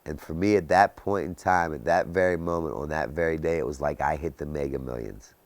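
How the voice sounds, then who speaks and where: Man, 30s, very low voice, dry close sound; intense first-person testimony, dramatic hushed drops. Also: brisk, no echo. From Baltimore area, US. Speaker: recovery speaker.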